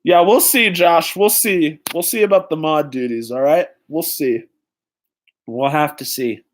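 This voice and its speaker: A young man hosting a live-stream trivia night, excitedly greeting viewers in the chat by name. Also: fairly high pitch, a little slow, a little hiss or hum. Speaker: livestream host.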